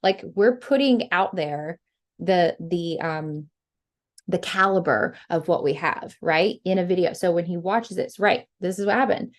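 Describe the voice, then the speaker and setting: A young woman giving lively, chatty sales coaching on a group call, acting out bits of dialogue. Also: lowish voice, unhurried. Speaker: sales trainer.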